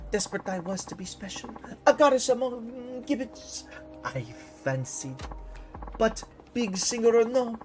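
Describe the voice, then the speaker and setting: Woman doing a high-pitched pop diva, put-on French accent, broken inverted English, swooping and theatrical. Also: poor audio. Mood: dramatic. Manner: dramatic, flowery, theatrical. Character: grandiose foreign pop diva, earnest and florid.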